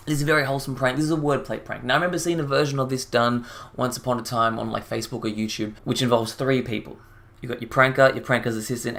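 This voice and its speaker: A man's voice: mid-range voice, bright, forceful tone. Sarcastic man with casual, profane commentary. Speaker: commentary youtuber.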